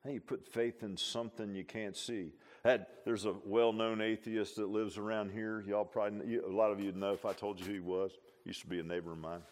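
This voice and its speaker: A man's voice: on the low side, level tone, a little fast, hardly any pauses. A man, preaching a sermon in a folksy, conversational way.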